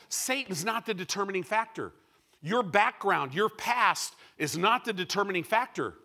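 Preaching to his congregation in a high-pitched voice, this man alternates between loud, emphatic outbursts and quieter, measured asides.

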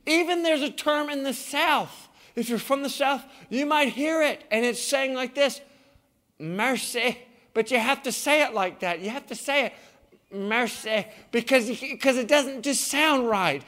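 A male pastor preaching a sermon, dropping to hushed tones and rising to shouts. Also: very high voice, moderate pace, hardly any pauses. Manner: dramatic swings from hushed to shouting.

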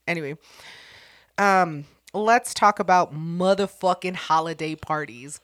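A woman's voice: on the low side, measured pace, fairly bright tone. A young woman co-hosting a casual podcast, blunt and sassy with plenty of swearing. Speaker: podcast co-host.

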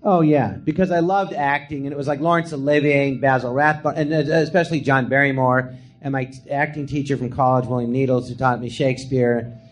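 A middle-aged comedian telling stories from his career in a casual chat, acting out what people said in a hushed voice. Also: mid-range voice, a little fast. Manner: animated storyteller, acts out quotes in a hushed voice. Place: small live podcast theatre.

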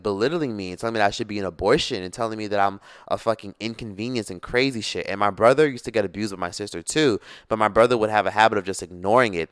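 A young man in his twenties speaks straight into the mic in a casual storytime vlog. His voice sits low, smooth and resonant, and he talks bluntly, swearing freely. The sound is close and dry. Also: dry recording. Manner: blunt, profane, animated storytelling. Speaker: YouTuber.

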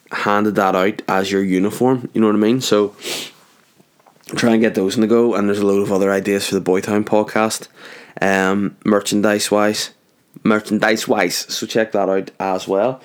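A man's voice: fairly low pitch, clean tone. A young man hosting his own podcast from his garage, chatting in a jokey, rambling way and going off on tangents. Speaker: podcast host. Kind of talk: rambling solo podcast chat. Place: home garage.

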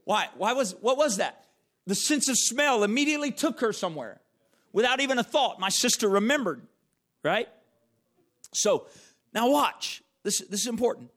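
High-voiced man preaching a sermon. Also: very animated, moderate pace, fairly bright tone. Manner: storytelling, emphatic, repeats phrases. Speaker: pastor.

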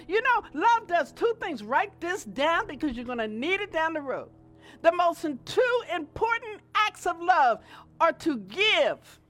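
A middle-aged woman preaching a sermon in a lively, conversational way, swinging between loud and soft. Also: high-pitched.

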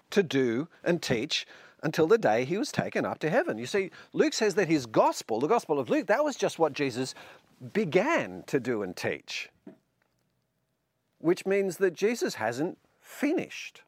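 Guy giving a sermon, kinda high voice that jumps around a lot, tells stories with a bit of humour. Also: no echo. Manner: animated storytelling, light humour. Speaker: preacher.

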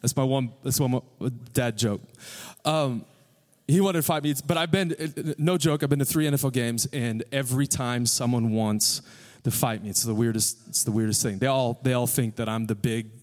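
A man's voice: medium pitch, normal speed, darkish tone. A young man who is a pastor, preaching a sermon in a joking, rambling way; he says he is tired. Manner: joking, rambling, self-deprecating. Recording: long hall reverb.

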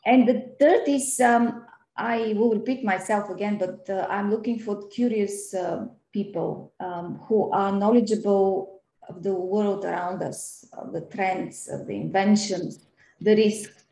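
A middle-aged woman from Eastern Europe, a banking professional, answering as a podcast guest in an earnest, quick way with frequent ums and repeated words. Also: medium pitch, dark tone, echoey room, poor audio. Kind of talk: interview podcast conversation.

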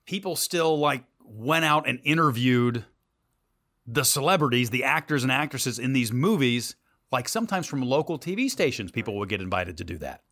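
A middle-aged man, a TV news anchor, telling a story from his career in an animated interview voice that swings between loud and quiet. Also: mid-range voice, no room sound, clean studio sound.

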